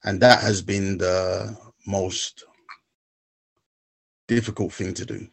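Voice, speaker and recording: A man reciting a spoken word poem in a measured, rhythmic way, then talking haltingly about his own recovery steps. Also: sits low, flat delivery, gravelly, breathy edge. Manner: halting, searching for words.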